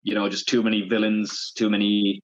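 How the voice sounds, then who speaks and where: A man's voice: lowish voice, completely flat delivery, a little fast, highs cut off. A man co-hosting a podcast, giving analytical opinions in casual chat and building his points as lists. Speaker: podcast co-host. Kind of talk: casual film-review chat.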